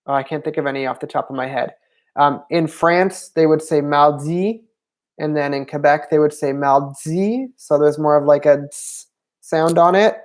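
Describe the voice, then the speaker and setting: A livestream host works through viewer questions in a loose Q&A, pausing often with ums while thinking aloud. The voice sits at a middle pitch. The delivery is unscripted and chatty. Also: darkish tone. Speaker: language channel host.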